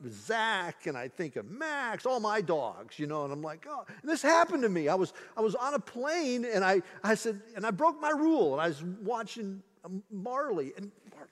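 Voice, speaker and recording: Animated male preacher in a reverberant hall. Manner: animated storytelling with big pitch jumps, then slow, hushed emphasis. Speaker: pastor. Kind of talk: sermon.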